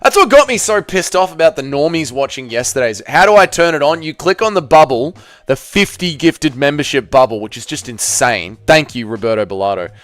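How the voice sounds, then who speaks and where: A man's voice: a little high, expressive, fairly quick, a bit bright, dry recording. A man hosting a casual live stream, reading chat aloud, laughing and swearing often.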